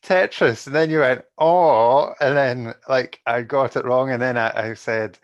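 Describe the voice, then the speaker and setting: A man's voice: medium pitch, fairly even intonation, moderate pace, lo-fi sound. A man co-hosting a casual gaming podcast, chatty and rambling, and often breaking into laughter. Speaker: podcast co-host. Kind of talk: casual chat.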